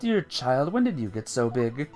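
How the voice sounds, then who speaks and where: A man's voice: mid-range voice, very animated, normal speed, a little mellow, soft background music, voice pushed up, natural voice. A man voicing a sentimental old man who sniffles and sobs between lines. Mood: jovial. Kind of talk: reading game dialogue aloud.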